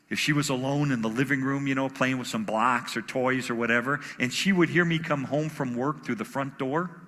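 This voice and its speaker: A man giving a personal testimony, telling his story in an animated way and acting out the voices in it. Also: medium pitch. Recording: reverberant hall.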